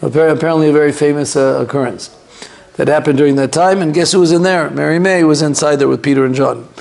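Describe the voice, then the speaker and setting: A man's voice: a little high, steady tone, fast, creaky, darkish tone. A man teaching a Torah class as a rabbi, rambling and digressing, sprinkling Hebrew and Yiddish terms and chatting with the class.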